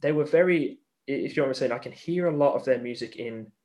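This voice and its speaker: A man's voice: medium pitch, quick pace, darkish tone. Hesitant man hosting a podcast. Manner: hesitant, lots of fillers and restarts. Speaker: podcast host. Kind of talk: casual chat.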